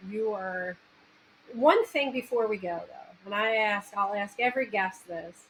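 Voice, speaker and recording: Unhurried and medium-pitched, this podcast host from the New York area has a New York Italian accent and talks animatedly in a casual interview, often restarting her sentences. The audio is poor, taken from a backup mic with faint background noise.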